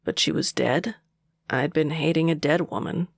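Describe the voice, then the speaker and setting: A man narrating a romance audiobook in the first person, with a steady, unhurried delivery and a gravelly voice. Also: a little high, no echo, clean studio sound.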